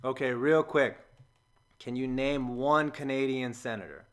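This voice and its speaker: An American man giving a sarcastic, jokey, scripted voice-over, with sudden loud outbursts between flat asides. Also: mid-range voice, a little slow, smooth. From United States. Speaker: comedy video host.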